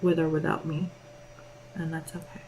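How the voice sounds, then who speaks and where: A woman's voice: deep voice, flat delivery, normal speed, creaky, darkish tone, a little hiss or hum, rough recording. A young woman chatting candidly through a makeup vlog, rambling and peppering her talk with "like". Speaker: beauty vlogger. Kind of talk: casual makeup vlog chat.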